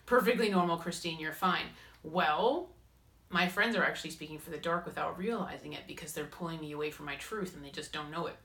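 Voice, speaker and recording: A woman hosting a spiritual advice talk, speaking in a lively way and acting out inner voices and quotes. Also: low voice, fairly quick. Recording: roomy echo.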